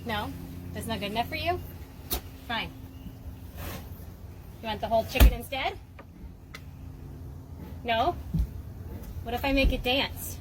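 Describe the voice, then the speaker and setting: A woman's voice: on the high side, measured pace, long pauses. A woman in a casual home video, playfully teasing her pet in a baby-talk manner. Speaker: pet owner. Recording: noisy home phone video.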